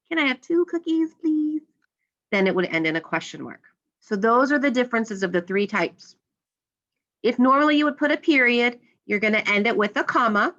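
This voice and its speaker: A woman's voice: medium pitch, sharp tone, muffled recording. A woman teacher explaining a grammar lesson step by step, patiently, and acting out the example lines.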